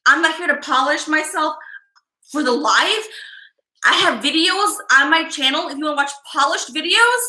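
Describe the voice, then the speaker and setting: A woman from Chicago hosting a live psychic stream, talking fast with intense energy. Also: high voice, expressive, sharp tone, reverberant, rough recording. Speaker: psychic livestream host. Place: live-stream setup, indoors.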